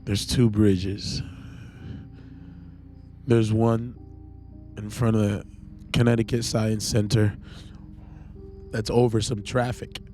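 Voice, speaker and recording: A man hosting a podcast, telling a personal faith testimony in an earnest, halting, emotional way. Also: fairly low pitch, level tone, mellow, soft background music. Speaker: podcast host.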